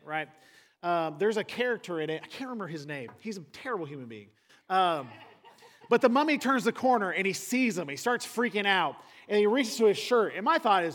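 A man with a slightly raised voice preaches in a loose, conversational way. He acts out characters in quick asides and climbs to loud, emphatic peaks. His voice rings with a long hall reverb, as in a church sanctuary. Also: fairly high pitch, expressive. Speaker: pastor. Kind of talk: sermon.

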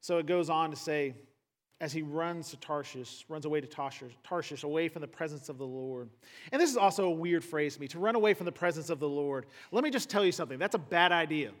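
A man preaching a conversational sermon, acting out the people in the story and building to loud, emphatic peaks. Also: a little high, fast talker. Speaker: pastor. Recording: long hall reverb.

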